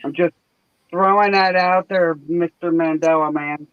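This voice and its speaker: A man's voice: a little high, fairly even intonation, a little slow, clear, resonant tone, no echo, muffled recording. A man hosting a stream, chatting casually and joking, laughing often. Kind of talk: casual chat.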